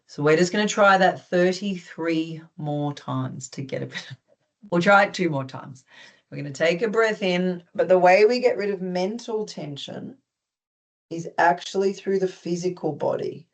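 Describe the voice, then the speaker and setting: An instructor with an Australian accent leads a group through simple stretches and breathing, speaking calmly and steadily. The cues are gently instructive, with small touches of humor mixed in. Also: mid-range voice, normal speed. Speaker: movement instructor. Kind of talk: guided stretching class.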